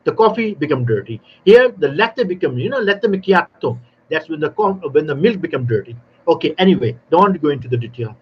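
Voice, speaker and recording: High-voiced animated man on lo-fi audio. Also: fairly quick, hardly any pauses, husky. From South Africa. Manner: animated storyteller, non-native grammar, acts out dialogue. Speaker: barista trainer guest. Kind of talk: live panel talk.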